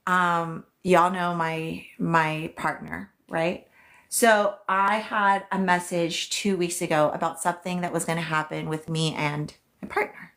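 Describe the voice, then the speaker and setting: A chatty woman talking into her phone on a psychic livestream, her voice sitting a touch low. She keeps it loose and unscripted, swears freely and hammers key phrases through repetition. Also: normal speed, a bit bright. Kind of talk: casual livestream chat.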